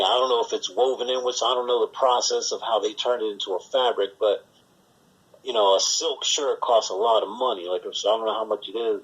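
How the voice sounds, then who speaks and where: A man's voice: on the low side, fairly bright tone, breathy edge, poor audio. A man co-hosting a podcast, rambling through work stories in casual, profane chat and acting out the voices of the people in them. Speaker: podcast co-host.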